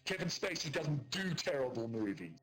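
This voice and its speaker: A man's voice: a little high, sing-song, normal speed, a bit bright, poor audio. Ranting, sarcastic man in voice chat. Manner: ranting, sarcastic, swearing constantly. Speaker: gamer in voice chat. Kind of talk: heated profane argument.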